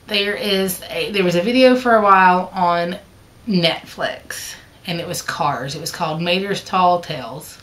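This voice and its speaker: A woman with a fairly low, slightly bright voice vlogs casually to the camera about her stitching, with a little background noise. She chats and rambles, full of fillers, self-corrections and restarted sentences. She has the hiccups.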